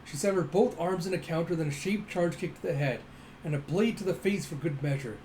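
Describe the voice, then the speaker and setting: A man's voice: fairly high pitch, a little fast, darkish tone, slight background noise, rough recording. Casual man recapping a manga. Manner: casual, swears, play-by-play describing of panels.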